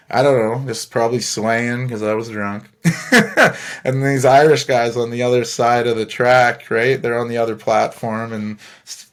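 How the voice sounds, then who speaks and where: Young canadian dude hosting his podcast, rambling story, laughs a lot, swears, medium voice. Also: mid-range voice. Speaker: podcast host. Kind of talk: casual storytelling monologue.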